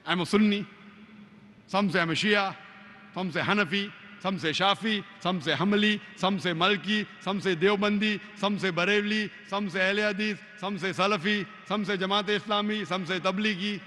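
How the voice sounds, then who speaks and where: A man giving an emphatic religious lecture, citing scripture verses by number and reciting Arabic verses quickly. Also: sits high, fairly even intonation, pushed and bright, big-room sound. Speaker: Islamic preacher.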